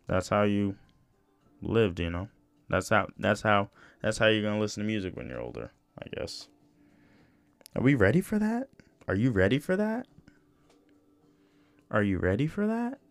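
A young man with a lowish, creaky voice hosts a solo podcast in a dry recording. He rambles casually and profanely, peppering his speech with "you know" and restarts.

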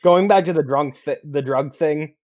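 Laid-back game master, close and dry. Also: male voice, fairly high pitch, normal speed, no echo, muffled recording. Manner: laid-back, steering players back from tangents. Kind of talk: running a tabletop game, casual.

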